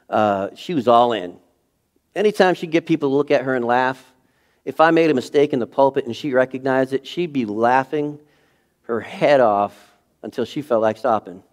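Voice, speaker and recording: Man preaching an animated sermon. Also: medium pitch. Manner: animated storytelling, acting out scenes with sudden shifts in loudness. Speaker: pastor. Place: church sanctuary.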